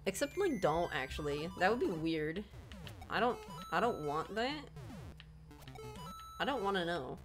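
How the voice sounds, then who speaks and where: A woman's voice: on the low side, very animated, a little slow, pauses often, music in the background. A woman streaming a video game, ranting with melodramatic, profane frustration at a level she is playing. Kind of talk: gameplay livestream commentary.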